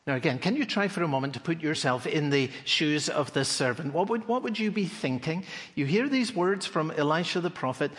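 A male preacher delivering an expository sermon in an animated storytelling manner. His voice sits a little higher than most men's. A long hall reverb trails after each phrase. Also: fairly quick. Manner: animated storytelling, rhetorical questions.

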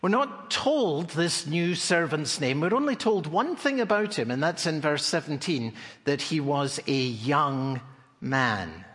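Expressive male preacher in a reverberant hall. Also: a little high, a little slow. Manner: animated storytelling, rhetorical questions. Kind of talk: expository sermon.

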